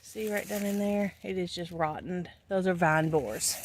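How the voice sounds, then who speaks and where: A woman's voice: on the low side, normal speed, slight background noise. A woman giving a chatty, folksy tour of her vegetable garden outdoors, talking to her viewers while filming on a handheld camera. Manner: folksy, chatty, points things out as she walks. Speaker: homestead gardening vlogger.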